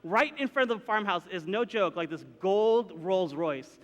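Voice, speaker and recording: A man telling a personal story to a live audience, animated and acting out the voices and sounds in it. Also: high voice, moderate pace. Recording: long hall reverb.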